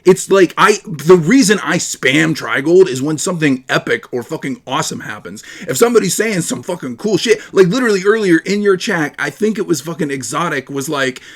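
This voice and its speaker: A man's voice: fairly high pitch, animated, fairly quick, hardly any pauses, a bit bright. A man ranting profanely and mocking his opponent in a heated livestream argument. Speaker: livestream guest.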